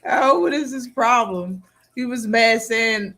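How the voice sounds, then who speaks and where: A man's voice: very high voice, slow pace, pushed and bright. A man hosting a live boxing talk stream, reacting casually with slang and frequent laughter.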